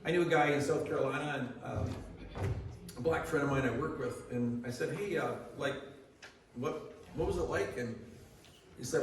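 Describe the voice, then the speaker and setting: A man's voice: medium pitch, fairly quick, slight background noise. A man giving a sermon as pastor, in a conversational way that asks the congregation questions. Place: church hall. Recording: echoey church hall from far off.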